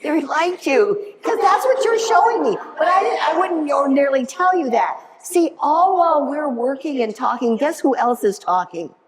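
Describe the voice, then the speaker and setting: Casting: upbeat middle-aged woman, high voice, keynote speaker working a live room. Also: normal speed, hardly any pauses, over a noisy crowd. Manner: energetic, animated, engages the audience with questions. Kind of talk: motivational keynote talk. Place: conference room before a live audience.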